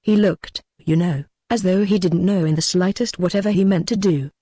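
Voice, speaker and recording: A man reading the part of an earnest gentleman who confides his ghost encounter to friends in an audiobook. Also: high voice, normal speed, no echo, clean studio sound.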